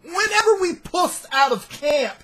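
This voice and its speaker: A man playing a crude, mocking young alter ego of himself in a comedy sketch, loud and swaggering. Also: very high voice, animated, a little slow, slight background noise, pitched above the performer's own voice, exaggerated voice. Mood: berating. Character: crude foul-mouthed brash young male alter ego.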